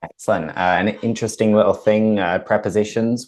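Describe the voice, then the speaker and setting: A male host and English teacher speaks clearly and patiently as he explains word usage to his listeners. His voice is low and mellow, with a warm, relaxed tone. He asks his guest questions in a conversational way. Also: brisk.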